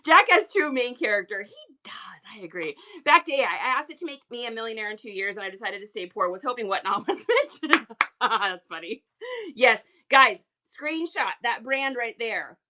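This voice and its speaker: A woman hosting a casual reseller livestream, chatty, excitable and full of exclamations. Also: a little high, moderate pace, a little hiss or hum.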